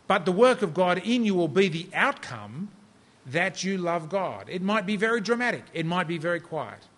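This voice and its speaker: A man's voice: high-pitched, sing-song, moderate pace, fairly bright tone. A middle-aged man from Australia preaching a sermon in a conversational, self-deprecating storytelling manner.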